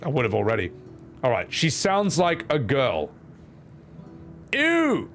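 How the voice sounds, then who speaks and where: A man's voice: mid-range voice, big pitch swings, normal speed, soft background music. A man with an Australian accent giving let's-play commentary, self-mocking and profane. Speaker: streamer.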